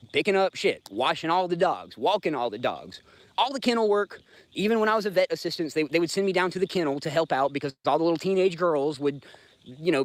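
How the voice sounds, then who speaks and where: A Southern-accented man in his thirties hosts a casual livestream. His voice sits a little high. He talks bluntly and swears freely as he rambles through his grievances. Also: no room sound. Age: 30s. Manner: profane, blunt, rambling, talks straight to chat. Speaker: livestream host.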